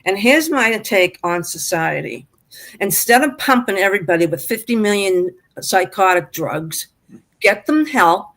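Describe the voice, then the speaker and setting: A woman's voice: mid-range voice, animated, a little slow, fairly bright tone. An older woman calling in to a live stream, upset and rambling, with stammering restarts. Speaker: guest caller. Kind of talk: emotional live-stream chat.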